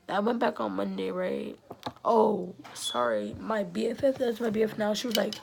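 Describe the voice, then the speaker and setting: A woman's voice: mid-range voice, sing-song, moderate pace, gravelly, a little mellow, a little hiss or hum, poor audio. A teenage girl rambling through a casual storytime about her school friends, acting out the quotes. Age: teens. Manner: chatty, rambling, acts out quotes. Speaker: vlogger telling a storytime.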